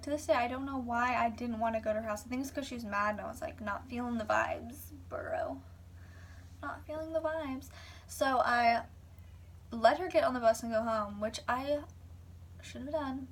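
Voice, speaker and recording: A woman's voice: on the high side, far from the mic. A young woman vlogger rambling casually through a personal story, full of "like"s and whispered asides.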